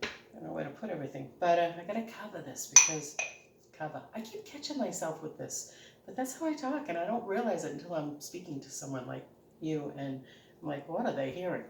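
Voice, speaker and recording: A woman's voice: deep voice, lively intonation, a little fast, vocal fry, noisy background. Chatty woman cooking in an echoey kitchen. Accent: regional American. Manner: chatty, homey, laughs often while talking. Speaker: home cooking channel host. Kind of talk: casual cooking demonstration. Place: home kitchen. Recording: echoey kitchen, mic at a distance. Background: clatter of dishes and cutlery.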